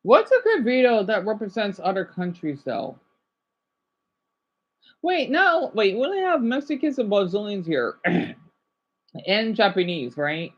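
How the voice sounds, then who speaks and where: A woman with an American accent, streaming and reacting to videos in a rambling, excitable chat with her viewers. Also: a little high, moderate pace, dull audio.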